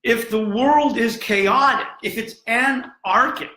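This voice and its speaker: A man's voice: very high voice, takes it slowly, pushed and bright, pitched above the performer's own voice, heavily acted. A man voicing an agitated male Renaissance thinker who fires off urgent, exasperated questions. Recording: roomy echo.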